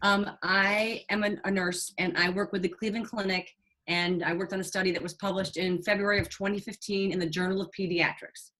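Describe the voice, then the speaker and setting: A middle-aged woman with a mid-range voice tells a story to her hosts in an animated, chatty manner. She talks at an ordinary pitch and often starts over and fills pauses. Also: low-quality recording. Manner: animated, chatty, with fillers and restarts. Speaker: nurse and guest. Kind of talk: casual storytelling in a conversation.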